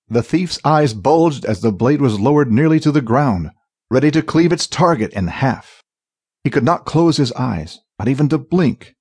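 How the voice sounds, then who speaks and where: A man narrating a fantasy audiobook in a dramatic, expressive reading. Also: mid-range voice, slightly rough, no echo, studio quality.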